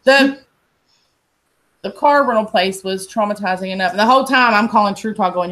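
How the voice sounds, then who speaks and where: A woman's voice: medium pitch, fairly quick, a bit bright. A woman, telling stories in a casual, profane chat and laughing often. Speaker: host.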